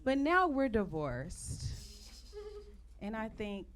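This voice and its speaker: A woman's voice: on the high side, big pitch swings, slow pace. A woman, doing brash, profane live stand-up comedy. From Texas, USA. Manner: brash, profane, punchy storytelling. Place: stage at a live comedy show. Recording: live room with crowd and noise. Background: audience laughing and reacting.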